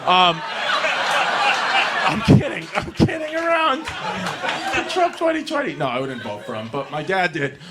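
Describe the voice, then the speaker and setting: A man with a high, bright voice tells rowdy, profane stories on a comedy club stage. He is loud and pushes the punchlines hard into a handheld mic. Heavy, constant club noise fills the recording. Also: big pitch swings, measured pace, long pauses. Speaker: stand-up comedian. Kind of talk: stand-up comedy set.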